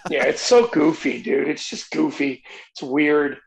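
Male musician guest from New Jersey, gravelly voice, rambling. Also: a little high, steady tone, unhurried, low-quality recording. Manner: rambling, repeats himself, says "dude". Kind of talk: casual conversation.

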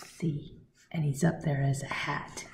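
A woman recommending a picture book to children, talking straight to them in an animated way. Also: low voice, takes it slowly, gravelly, reverberant, a little hiss or hum. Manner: animated, talks straight to kids.

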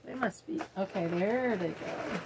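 A woman's voice: mid-range voice, a little slow, noisy background. A middle-aged woman, chatting casually and giggling as she unboxes products at home for her viewers. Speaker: unboxing vlogger. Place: home, early morning.

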